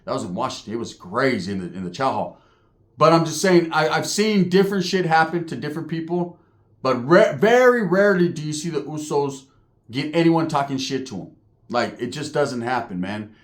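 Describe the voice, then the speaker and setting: A man telling prison stories in a casual monologue, animated and profane, heavy on street slang, acting out the people he describes. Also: medium pitch. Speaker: storyteller recounting prison life.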